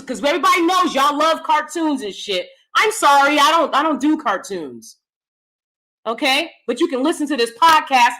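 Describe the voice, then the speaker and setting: A woman's voice: high voice, animated, moderate pace, pushed and bright. An American woman giving a blunt, combative and profane commentary rant as a YouTube host. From United States. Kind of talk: ranting commentary.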